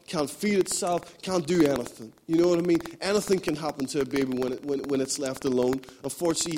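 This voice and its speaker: A man's voice: on the high side, a little mellow, slight background noise. A man preaching a sermon, emphatic and repetitive, building his points in rhythmic runs. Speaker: pastor.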